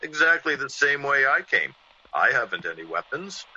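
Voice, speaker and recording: An actor playing a suave, mysterious male intruder in an old-time radio drama, smooth and quietly mocking. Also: medium pitch, big pitch swings, normal speed, exaggerated voice. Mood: calm, teasing. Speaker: uninvited visitor. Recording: dull lo-fi old radio broadcast.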